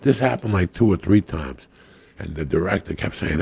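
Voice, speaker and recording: A man telling a profane, animated story as a podcast guest, acting out the people in it. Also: sits low, moderate pace, creaky, slightly rough. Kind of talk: casual storytelling.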